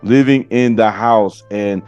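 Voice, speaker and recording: Low, mellow-voiced male podcast host. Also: takes it slowly, clear, resonant tone, highs cut off, faint music behind. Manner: casual, slangy, peppered with "you know what I'm saying". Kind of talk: casual chat.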